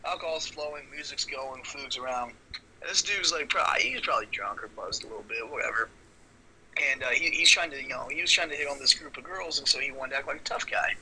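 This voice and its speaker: A man, a professional wrestler, telling stories in a casual podcast chat, animated and swearing freely. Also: mid-range voice, fast, slight background noise, low-quality recording. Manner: animated storyteller, swears freely, acts out quotes.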